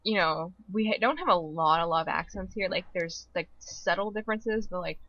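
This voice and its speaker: Hesitant Canadian woman, bright voice, lo-fi. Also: on the low side, a little fast, slight background noise. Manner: hesitant, soft-spoken. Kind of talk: casual chat. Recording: dull lo-fi audio.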